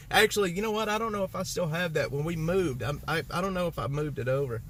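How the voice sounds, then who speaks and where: A man's voice: sits high, bright, forceful tone, a little hiss or hum. A man, live-streaming from beside his broken-down car in the cold, joking with viewers and sounding exasperated. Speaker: livestream host. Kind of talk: casual live-stream chat.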